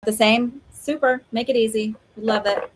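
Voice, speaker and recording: A woman's voice: a little high, fairly even intonation, measured pace, a little hiss or hum, poor audio. A woman hosting a live stream of oracle card readings, talking in a chatty, rambling way with lots of fillers and laughs. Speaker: psychic medium host.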